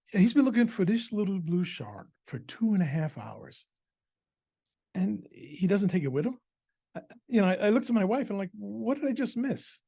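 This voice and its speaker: A man's voice: high voice, creaky, mellow, husky. A middle-aged adoptive father telling a personal story at a family event in a conversational way, with frequent fillers and repeated words.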